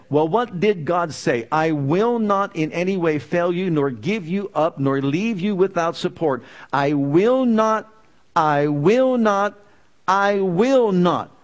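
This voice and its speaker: A male preacher with a slightly high voice delivering a sermon. He drives his points home by repeating phrases, growing louder and more insistent as he goes. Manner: emphatic, repeating phrases with rising intensity.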